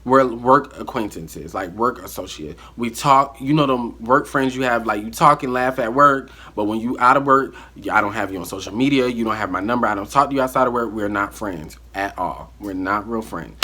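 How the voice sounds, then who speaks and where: Husky, bright-voiced man telling a story. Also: on the low side, normal speed, few pauses. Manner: animated, acts out the dialogue. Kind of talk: casual storytime monologue.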